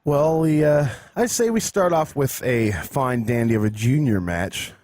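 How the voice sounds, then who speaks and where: A man's voice: medium pitch, animated, measured pace, a little mellow, a little hiss or hum. A man co-hosting a podcast, laid-back, making mumbled asides in casual chat. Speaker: podcast co-host.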